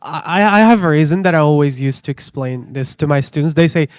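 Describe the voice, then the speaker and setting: Hesitant man, slightly high. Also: a little fast, few pauses, clean tone, no room sound. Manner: hesitant, repeats words. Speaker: English teacher. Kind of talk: panel discussion.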